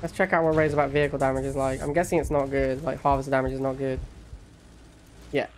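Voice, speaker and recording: A man streaming a strategy game, giving chatty commentary with quick reactions and laughing at his own jokes. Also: mid-range voice, little pitch movement. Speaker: gaming streamer. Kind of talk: casual gameplay commentary.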